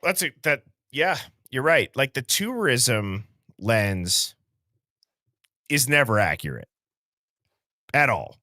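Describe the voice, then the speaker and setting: Young male co-host, animated intonation, hesitant filler-heavy delivery. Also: mid-range voice, slow pace, long pauses, no room sound, studio quality. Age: young adult. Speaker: podcast co-host. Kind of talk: casual chat.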